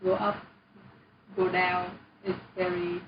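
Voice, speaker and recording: A woman's voice: lowish voice, completely flat delivery, distant mic. Brief: young Vietnamese-accented woman, language tutor, encouraging and patient; dull, echoey video-call audio. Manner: patient, encouraging, models words slowly. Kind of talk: online language lesson. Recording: roomy, dull audio with noise.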